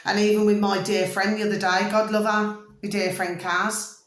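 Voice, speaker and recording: A woman's voice: mid-range voice, level tone, moderate pace. A woman talking casually to camera, chatty and always checking that the listener follows her. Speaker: vlogger. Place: room at home. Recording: echoey room.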